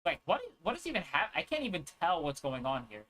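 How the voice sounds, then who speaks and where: A man's voice: a little high, huge pitch swings, quick pace, pushed and bright, low-quality recording. A young man chatting casually on a livestream, rambling and joking with crude asides. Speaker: streamer.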